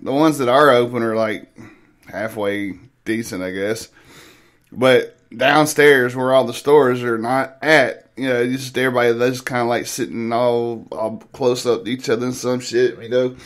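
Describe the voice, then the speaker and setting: A man hosting a morning show, chatting casually in a rambling, profane way and laughing easily. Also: medium pitch. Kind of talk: casual chat.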